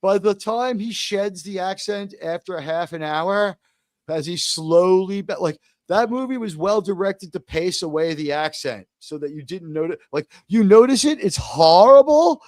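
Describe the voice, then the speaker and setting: A man from the United States hosts a casual panel stream, talking in an animated, jokey way with big theatrical emphasis. His voice sits high for a man, and the sound is close and dry, with no room around it. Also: normal speed, no echo. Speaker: host.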